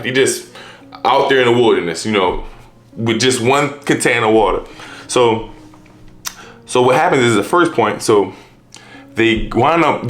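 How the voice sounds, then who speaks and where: In a medium-pitched, slightly bright voice, a man preaches a casual sermon in loose, street-casual language. He keeps restarting and rephrasing, tacking "right?" and "you know" onto his sentences.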